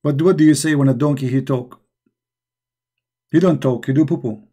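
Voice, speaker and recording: Hosting a live online discussion, this man mocks, stresses, and repeats his points in non-native English. His husky, warm voice sits mid-range and moves at a moderate pace.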